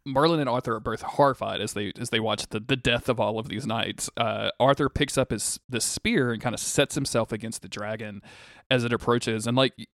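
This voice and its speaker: Excited swearing man recapping a show. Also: medium pitch, a little fast, no echo, studio quality. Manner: excited, swears freely, many restarts. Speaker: podcast co-host. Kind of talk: casual recap chat.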